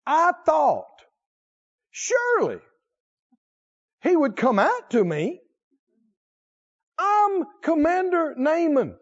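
A man voicing a proud, indignant army commander who rants with a self-important manner, in a higher, louder voice than his own. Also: wildly swooping pitch, extremely slow, pauses often, dull audio, full character voice.

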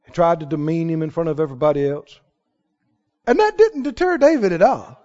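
A man preaching a sermon, telling a Bible story with lively, acted-out dialogue. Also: a little high, fairly quick. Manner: animated storytelling, acting out the people in the tale. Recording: reverberant hall, somewhat dull sound.

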